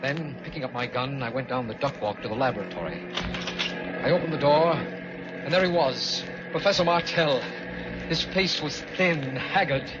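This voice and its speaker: This narrator and lead tells the story in the first person, tense and haunted, in a medium-pitched male voice at normal speed. It's an old-time radio drama, heard through a muffled vintage recording with music underneath.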